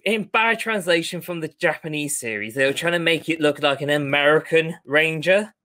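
A man co-hosting a casual podcast chat, animated and quick to act out scenes he retells. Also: fairly high pitch. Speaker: podcast co-host.

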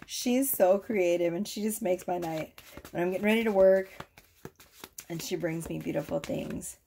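A woman giving a casual tarot reading to camera, gushing and excitable, swearing freely as she talks. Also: on the low side, normal speed, gravelly, a little hiss or hum. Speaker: tarot reader.

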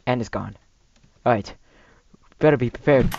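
A young man commentating a gameplay video, shouting and laughing between low mutters. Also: moderate pace, gravelly, dull audio, heavy background noise. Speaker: gamer. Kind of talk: let's play commentary.

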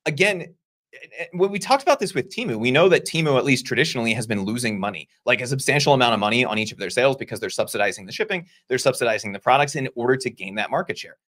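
A man's voice: medium pitch, animated, a bit bright. Chatty man co-hosting a talk show. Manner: conversational, explains with quick asides and laughs. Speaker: podcast co-host. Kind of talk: casual discussion.

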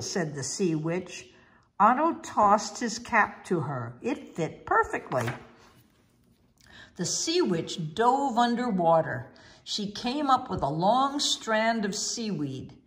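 A woman narrating a children's storybook with a clear, expressive delivery. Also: mid-range voice, takes it slowly.

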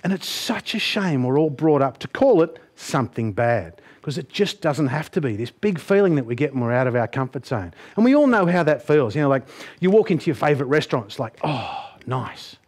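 A man giving a humorous, animated motivational presentation and putting on voices for his stories. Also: fairly high pitch, a little fast. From Australia. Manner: jokey, animated, puts on voices. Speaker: motivational speaker.

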